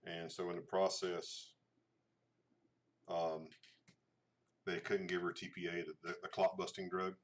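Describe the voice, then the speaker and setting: A middle-aged man with a drawl and a deep, low voice talks casually to his viewers. He rambles, restarts his sentences and fills gaps with "uh" and "so". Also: flat delivery, measured pace, long pauses. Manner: rambling, hesitant, many fillers and restarts. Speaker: channel host. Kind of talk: casual livestream chat showing photos.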